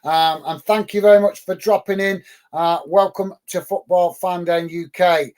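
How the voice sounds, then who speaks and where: A man's voice: high voice, fairly even intonation, normal speed, darkish tone. A middle-aged man from England hosting a live football watch-along, reading out viewer comments in a chatty, emphatic way, full of ums and uhs. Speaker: football channel host.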